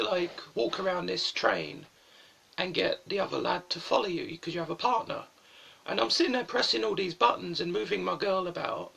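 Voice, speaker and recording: A man's voice: fairly high pitch, creaky, sharp tone, husky. A young man rambling through stories on a live stream, swearing often and mocking himself.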